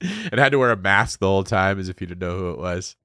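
A man hosting a podcast, energetic and playful, with a hype-filled delivery. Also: low voice, fast talker, no room sound, studio quality. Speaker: podcast host. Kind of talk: lively podcast chat.

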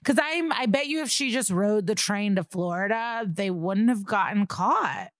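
Podcast co-host: young woman, mid-pitched, wry and quick to laugh, dry close mic. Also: animated, no echo. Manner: chatty and wry, laughs easily. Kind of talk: casual chat.

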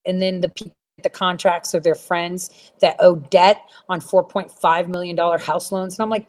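Middle-aged woman host, low-pitched, blunt and profane, rambling casual rant to her audience. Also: steady tone, normal speed, few pauses, darkish tone. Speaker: livestream host answering viewers.

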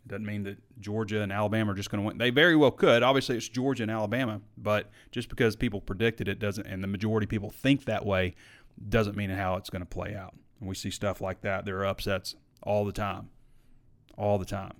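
A man's voice: fairly low pitch, fairly even intonation, fast talker. A man hosting a live sports talk show, chatting casually and opinionated, reading viewer comments and arguing back. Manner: opinionated, conversational, frequent fillers.

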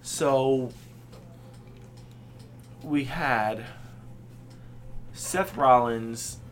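A man co-hosting a casual talk podcast, recapping events with a sarcastic, drawn-out delivery. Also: medium pitch, fairly bright tone, slight background noise. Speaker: podcast co-host. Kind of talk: casual wrestling recap chat.

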